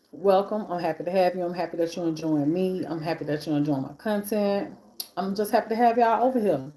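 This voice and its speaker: A woman's voice: on the low side, darkish tone. A woman hosting a live stream in casual chat, talking between bites while she eats and piling up repeated phrases for emphasis. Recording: echoey room.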